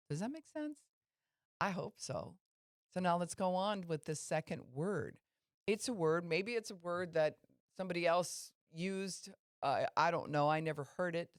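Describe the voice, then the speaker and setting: A woman's voice: low voice, no room sound, studio quality. A woman pastor giving a conversational teaching talk on a podcast, explaining and asking listeners questions.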